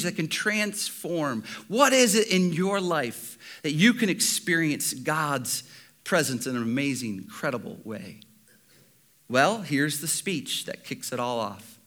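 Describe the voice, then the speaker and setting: A male pastor preaching a sermon, animated, with rhetorical questions and repeated phrases. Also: sits high.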